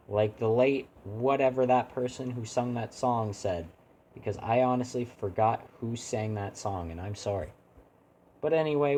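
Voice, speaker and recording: A man's voice: medium pitch, warm tone, slight background noise. A man streaming a video game, chatting casually and rambling as he keeps interrupting himself to talk to his chat. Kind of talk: casual live-stream commentary.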